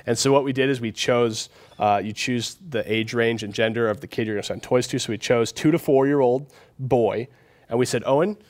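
Pastor, male, 30s, lively sermon delivery with acted-out quotes and hushed asides. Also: mid-range voice. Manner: animated, acts out voices in quotes.

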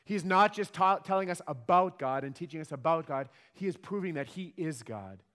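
A man's voice: fairly high pitch, animated, normal speed, a bit bright. Emphatic preacher man in a reverberant hall. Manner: emphatic preaching with rhetorical questions. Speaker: pastor. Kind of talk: sermon.

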